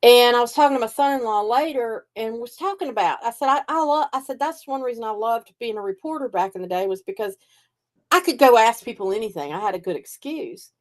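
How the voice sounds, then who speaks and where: A woman's voice: on the high side, fairly quick. An older woman, a psychic reader and host, telling stories in casual chat and acting out the voices of people she quotes. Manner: animated storyteller, acts out quoted voices.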